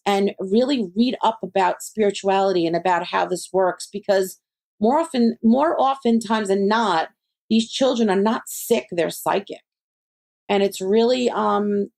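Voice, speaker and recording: As a podcast guest, a psychic medium with a gravelly, mid-range voice chats in a conversational interview. She tells animated stories, slipping into her friends' voices, before settling into calm advice.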